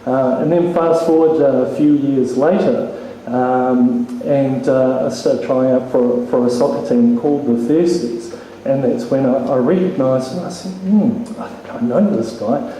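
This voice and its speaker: A man's voice: medium pitch, steady tone, unhurried, mellow. A man giving an informal eulogy at a funeral, hesitant and full of ums, with a joking touch. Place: funeral hall. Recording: very echoey hall, faint noise.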